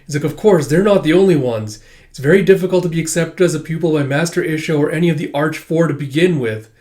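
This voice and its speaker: A man casually recapping a comic chapter, reading the characters' lines aloud with sudden jumps in pitch and loudness, laughing now and then. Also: fast. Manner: casual and chatty, many fillers. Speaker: manga reader and commentator.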